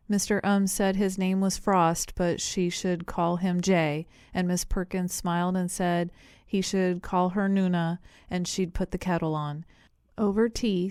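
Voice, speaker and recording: Audiobook narrator, woman, lowish mellow voice, measured, dry close sound. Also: clear, resonant tone, no echo. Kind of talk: scripted narration.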